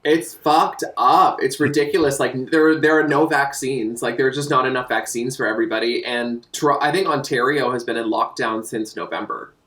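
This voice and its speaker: A man's voice: mid-range voice, fairly even intonation, normal speed, few pauses, bright, forceful tone, reverberant. A man from Canada, a guest on a podcast, polished and gracious in casual chat.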